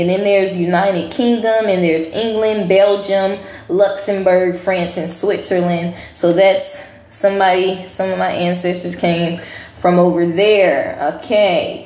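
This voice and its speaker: Chatty woman vlogger in an echoey room. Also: medium pitch. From United States. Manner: chatty, thinking aloud while reading results. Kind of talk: casual talk to camera.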